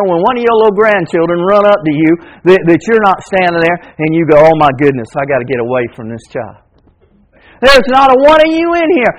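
A male pastor preaching a sermon to his congregation, repeating key phrases and dropping from ringing declarations to hushed, intimate passages. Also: low-quality recording. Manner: preaching with big swings between loud declarations and hushed, low passages. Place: church in front of a congregation.

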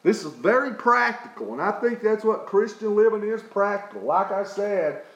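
Folksy preacher, high voice. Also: male voice, animated, normal speed, fairly bright tone, reverberant, muffled recording. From East Tennessee. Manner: folksy, often asks "okay?". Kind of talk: sermon with a personal story.

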